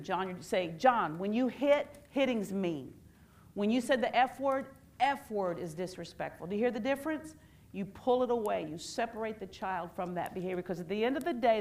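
A middle-aged woman giving a playful, animated workshop talk to parents and quizzing the audience. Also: medium pitch.

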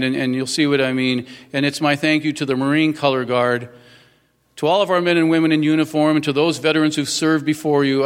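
This is a fifty-something man giving a public speech as a freshly sworn-in mayor, earnestly and folksily thanking people at the ceremony, with plenty of fillers. His voice is on the high side with a clean tone and a big-room sound.

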